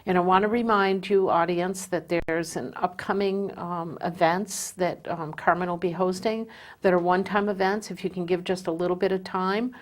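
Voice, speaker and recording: Earnest woman host, lower pitch, lots of ums. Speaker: host of a community talk show. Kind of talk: hosting a live community show.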